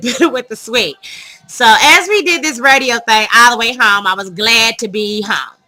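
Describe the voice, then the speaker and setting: A woman vlogger tells her viewers a dating story, animated and casual, getting dramatic and laughing as she goes. Her voice is a little high, and the recording is rough.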